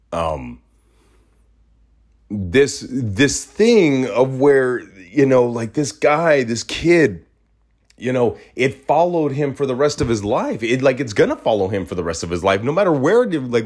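A man's voice: mid-range voice, very animated, slow pace, long pauses, a little mellow, breathy edge. A man hosting a podcast, talking in a casual, heated rant, blunt and full of swearing. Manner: profane, indignant, blunt. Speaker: podcast host.

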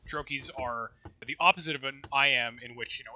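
A man's voice: medium pitch, fairly quick, pushed and bright. A man co-hosting a casual talk about poetry, loose and rambling with restarts and a bit of swearing. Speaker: podcast co-host.

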